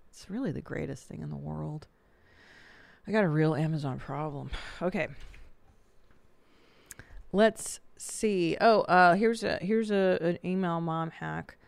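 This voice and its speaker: Gravelly low-ish woman host, blunt and sweary, dry close sound. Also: darkish tone, no echo. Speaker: podcast host. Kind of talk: casual podcast chat.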